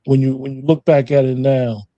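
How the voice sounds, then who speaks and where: A man's voice: mid-range voice, little pitch movement, normal speed, mellow, dry recording, muffled recording. A man hosting an interview, asking loose, rambling questions full of repeats. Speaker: interview host.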